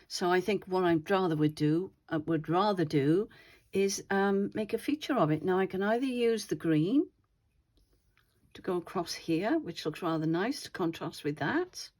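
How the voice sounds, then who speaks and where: A woman hosting her own craft channel, chatting casually and thinking aloud as she shows her slow-stitching pages. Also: fairly low pitch, darkish tone. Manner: chatty, rambling, thinks aloud while handling materials.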